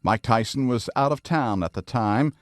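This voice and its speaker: A man reading a scripted news report in a steady, formal delivery. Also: mid-range voice, normal speed, dry recording, clean studio sound.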